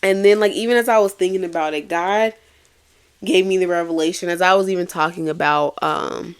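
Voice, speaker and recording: A woman's voice: fairly low pitch, fairly quick, smooth, no room sound. A young woman hosting a faith-based podcast, telling a personal story in an earnest, confessional way, often restarting her sentences. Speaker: podcast host.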